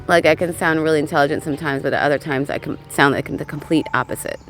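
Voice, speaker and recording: A woman's voice: deep voice, fairly even intonation, fast, faint music behind. A woman vlogging outdoors in a scattered, casual monologue, swearing and laughing as she goes. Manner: scattered, swearing, laughs often, talks to birds around her. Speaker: spiritual vlogger. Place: outdoors among birds.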